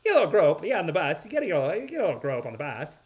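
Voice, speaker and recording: A man's voice: on the high side, huge pitch swings, rapid-fire. A man voicing a carefree young woman who brushes things off in an airy, dismissive way. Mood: breezy.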